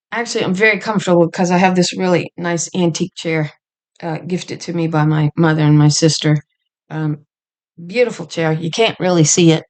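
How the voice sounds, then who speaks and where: A woman in her fifties giving a casual, rambling bible study from a chair at home, wandering into chatty asides. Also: lowish voice. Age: 50s.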